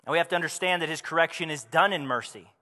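A man preaching a sermon, his voice high and bright with a tense edge. He talks to the congregation conversationally, tossing out rhetorical questions. A long reverb hangs on his words as if in a large hall. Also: fast. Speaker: pastor.

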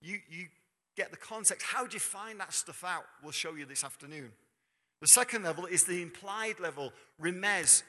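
Bright-voiced preacher man in a reverberant hall. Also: high-pitched, normal speed. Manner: conversational, quizzes the congregation. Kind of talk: sermon.

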